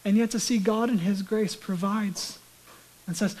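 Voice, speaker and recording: Man preaching, hushed to soft whispers. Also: sits high, steady tone, unhurried, rough recording. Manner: conversational preaching, dropping to a hushed whisper for emphasis. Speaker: pastor. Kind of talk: sermon.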